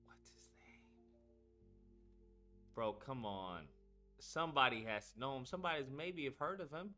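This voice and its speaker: A man with a mid-range voice hosts a casual live stream, rambling and swearing as he talks to his chat. His tone is bright and forceful, his intonation lively and his pace moderate, with faint music in the background.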